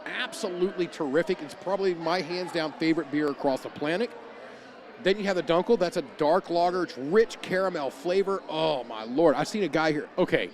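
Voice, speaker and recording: A man hosting a podcast, chatting casually and telling animated stories with frequent chuckles, recorded outdoors at a brewpub's beer garden on a small tripod camera. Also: a little high. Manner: animated storytelling, chuckles often. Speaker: podcast host. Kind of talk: casual chat. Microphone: small camera on a miniature tripod.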